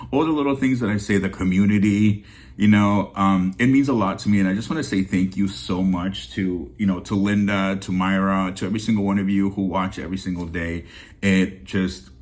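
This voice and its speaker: A man hosting a bargain-haul channel, talking to viewers in a heartfelt, rambling way, teary-eyed and emotional. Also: fairly low pitch. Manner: heartfelt and rambling, with many restarts. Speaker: deal-hunting channel host. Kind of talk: casual vlog chat.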